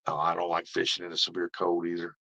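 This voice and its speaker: A man's voice: low-pitched, completely flat delivery, fast, vocal fry, sharp tone, breathy edge. A middle-aged man, chatting casually with viewers and telling folksy stories with frequent laughs. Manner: folksy storytelling, laughs often. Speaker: fishing vlogger. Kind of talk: casual live chat with viewers. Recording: dull lo-fi stream audio.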